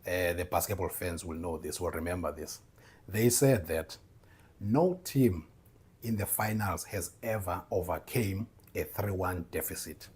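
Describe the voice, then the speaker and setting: A man hosting a motivational faith podcast, talking to listeners as "bro" and "man" and bursting into loud laughter. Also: sits low, measured pace, husky. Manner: tags lines with "bro", "man" and "right?". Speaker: podcast host.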